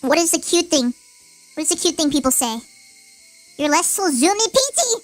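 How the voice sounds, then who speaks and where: A woman through a squeaky pitched-up filter. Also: sing-song, normal speed, faint music behind, poor audio. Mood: playful. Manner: playful, asking how she sounds. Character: cutesy high-pitched anime-style girl. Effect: high-pitch voice changer filter. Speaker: streamer.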